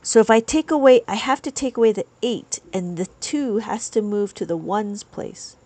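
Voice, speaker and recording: A woman's voice: mid-range voice, moderate pace, a little mellow. A woman teaching abacus on a live stream, chatting with viewers and reading their comments aloud.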